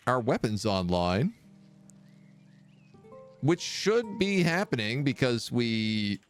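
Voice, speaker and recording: A man's voice: mid-range voice, very animated, slow pace, pauses often, faint music behind. A man giving casual, wry live commentary while he plays a strategy game, chatting and thinking aloud. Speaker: streamer playing a kingdom sim. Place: living in Quebec.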